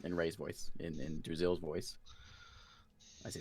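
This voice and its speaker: A man's voice: low voice, level tone, a little slow, darkish tone, breathy edge, faint music behind. A man playing a tabletop game, describing his character's actions with hesitant restarts. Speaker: player.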